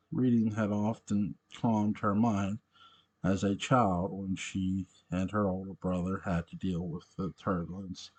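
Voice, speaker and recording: A man reading a story aloud, halting and often correcting himself mid-sentence. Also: deep voice, a little mellow. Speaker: narrator.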